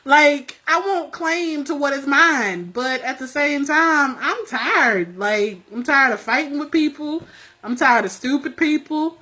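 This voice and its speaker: A woman co-hosting a casual late-night chat, a little tipsy, loud and profane, laughing often and cutting in. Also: high voice, lively intonation, measured pace. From United States. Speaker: podcast co-host.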